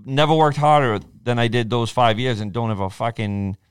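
A man's voice: mid-range voice, normal speed, smooth, dry recording, clean studio sound. A man in his forties chatting casually, acting out quoted speech as he tells his stories. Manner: animated storyteller, acts out quoted speech. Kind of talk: casual podcast chat.

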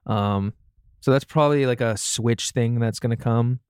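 A man's voice: mid-range voice, moderate pace, a little mellow, smooth, no room sound, clean studio sound. A young man co-hosting a casual gaming podcast, reading news in a chatty way with many fillers and restarts.

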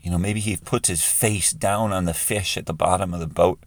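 A man with a very deep voice leads a guided imaginative prayer. He talks conversationally and often restarts his sentences. The sound is dry and close. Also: fairly even intonation, normal speed, no room sound.

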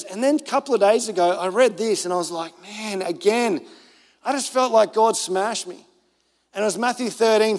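A man's voice: extremely high pitch, long reverb tail. A man in his thirties giving an informal, earnest sermon, talking conversationally with many fillers and little quoted thoughts to himself. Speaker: pastor.

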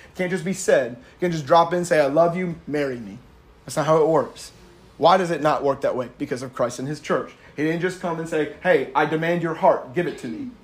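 A man with a slightly high voice teaching in a relaxed, sermon-like way. He talks conversationally and drives his points home with emphasis. Short laughs slip in between his points. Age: adult with a young daughter. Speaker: Bible teacher. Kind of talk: casual sermon-style teaching.

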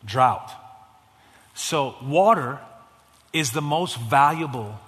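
A man preaching as a guest pastor, casual with slang, swinging between loud fervent calls and hushed storytelling. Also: medium pitch, expressive, takes it slowly. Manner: casual, youthful slang and repetitions. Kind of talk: sermon. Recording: long hall reverb.

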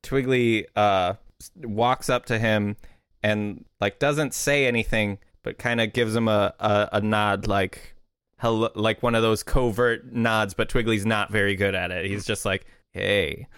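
Smooth-voiced easygoing man player. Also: fairly low pitch, fairly even intonation, measured pace, a bit bright, no echo, clean studio sound. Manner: easygoing, describes his character's actions. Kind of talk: tabletop role-play narration.

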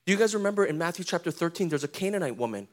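High-voiced pastor preaching casually. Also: male voice, expressive, racing. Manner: casual conversational preaching, slangy asides; asks the congregation questions. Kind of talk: sermon.

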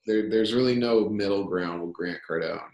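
Young man telling lively stories. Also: on the low side, moderate pace, lo-fi sound. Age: young adult. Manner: energetic storyteller, repeats phrases, acts out dialogue. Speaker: guest, coffee company founder. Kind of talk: casual podcast interview. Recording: roomy echo.

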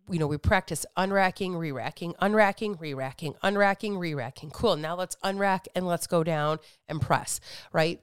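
A middle-aged woman talks through a fitness podcast monologue, candid and lively, swearing freely as she tells her stories. Her voice is smooth and clear, recorded dry and close with almost no room sound. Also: lowish voice, no room sound. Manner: candid, animated storytelling with frequent swearing and acted-out quotes. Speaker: fitness coach and podcast host.

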